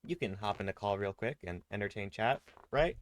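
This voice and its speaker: A man's voice: on the low side, a little fast. A man streaming a game, rambling casually to his chat and friends. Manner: rambling, chatty.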